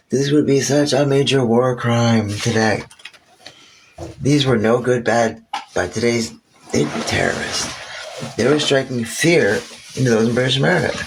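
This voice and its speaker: A man's voice: gravelly, slight background noise, poor audio. A man casually retelling history with crude jokes, laughing between points and jumping into quoted voices. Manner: animated, acts out quoted voices with sudden high pitch jumps.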